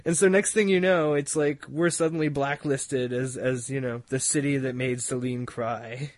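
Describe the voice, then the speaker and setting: A man's voice: mid-range voice, fairly even intonation, normal speed, dry recording. A man from Halifax, Canada, co-hosting a podcast in casual chat, rambling with laughing asides and mocking imitations. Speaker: podcast co-host.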